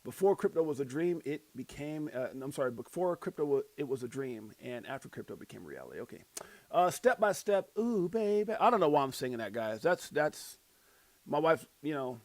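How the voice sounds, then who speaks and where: A man's voice: medium pitch, animated, brisk, no room sound. Hyped man hosting a crypto livestream. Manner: hyped, jokey, gives viewer shout-outs. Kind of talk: casual livestream chat.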